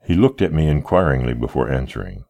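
A man narrating a period novel in the first person, with a deep voice that moves through lively, wide swings of pitch. His reading is expressive and climbs toward agitated pleading whenever the dialogue heats up. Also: quick pace, vocal fry. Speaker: audiobook narrator.

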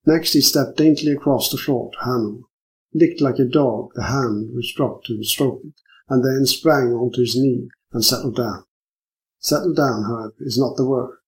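A man giving a measured, even audiobook narration of a detective story. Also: mid-range voice, low-quality recording. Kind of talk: scripted narration.

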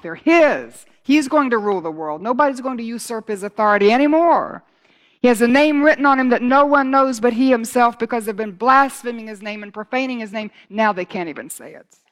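A middle-aged woman preaching a sermon, moving from hushed, slow phrases to loud, fervent reading of scripture. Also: medium pitch.

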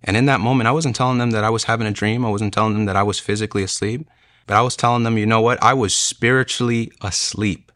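A young man with a very low, bright-edged voice tells his faith testimony in an earnest, emotional, casual way. The recording is dry and close, with no room sound around him. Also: steady tone, racing, dry recording. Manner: earnest, emotional, many "like" and "you know" fillers. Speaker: speaker sharing a conversion testimony. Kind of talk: personal testimony storytelling.

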